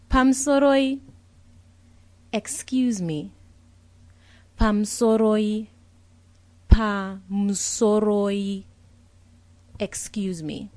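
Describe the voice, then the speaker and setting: A woman's voice: mid-range voice, a little mellow, dry recording. A young adult woman teaching vocabulary, saying each word carefully and repeating it with a translation. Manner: patient, clear, explains each word with a translation. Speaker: language teacher.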